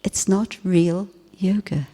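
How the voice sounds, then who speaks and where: A woman gives a spiritual talk in a low, mellow voice, unhurried and reflective. Her gentle, softly emphatic delivery carries a long reverb from a hall. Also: steady tone. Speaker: spiritual teacher.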